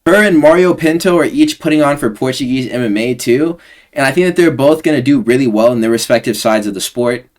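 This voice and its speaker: A man's voice: mid-range voice, lively intonation, brisk. A young man hosting casual fight predictions, slangy, rambling and sarcastic. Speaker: host.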